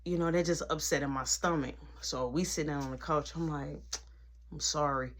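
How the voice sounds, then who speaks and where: Slangy animated storyteller. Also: female voice, low voice, a little fast. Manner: slangy, animated retelling with many asides. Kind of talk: casual storytime.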